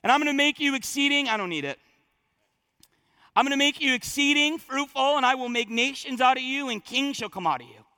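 High, bright-voiced man preaching. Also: a little fast. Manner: animated, conversational preaching with asides. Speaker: pastor. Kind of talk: sermon with scripture reading.

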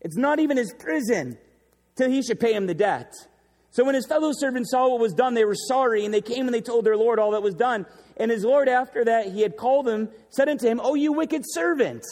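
A man's voice: extremely high pitch, brisk, a little mellow. A man preaching a sermon as pastor, emphatic and repeating key phrases for effect. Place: church sanctuary. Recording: long reverb of a large hall.

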